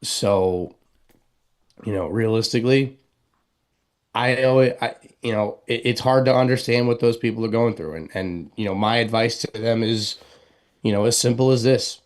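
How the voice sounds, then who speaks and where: A man co-hosting a talk show, speaking earnestly and haltingly as he gives heartfelt advice. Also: medium pitch. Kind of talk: casual talk show chat.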